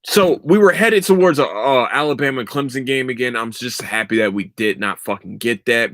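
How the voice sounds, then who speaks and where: A young man on a podcast mic, ranting about sports with heated sarcasm and lots of swearing. His pitch swings widely as he jumps around. The sound is dry and close, with no room in it. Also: sing-song, fairly quick, few pauses, fairly bright tone, no room sound. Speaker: podcast host. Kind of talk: casual sports rant.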